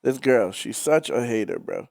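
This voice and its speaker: An excitable man co-hosting a reaction video, his pitch swinging up and down as he jokes and swears casually. He talks into a close mic with a dry, dead sound and no room echo. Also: normal speed, gravelly. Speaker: reaction channel co-host. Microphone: close studio mic.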